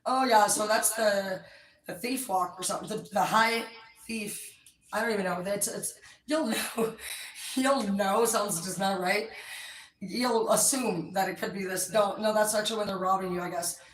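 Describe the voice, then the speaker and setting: A woman's voice: medium pitch, normal speed. A woman rants in a loose, wandering monologue, cursing in nearly every sentence. She sits some way back from the microphone, and her voice bounces around a roomy, echoing space. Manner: profane, swears constantly, rambling. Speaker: tarot streamer. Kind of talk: rambling casual monologue. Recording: echoey room, distant mic.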